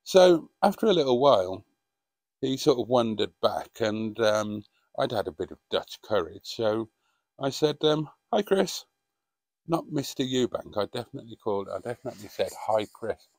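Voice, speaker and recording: A man's voice: mid-range voice, animated, normal speed, a little mellow, no room sound. A middle-aged man reminiscing in a casual vlog monologue, rambling and hesitant with frequent ums. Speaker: vlogger.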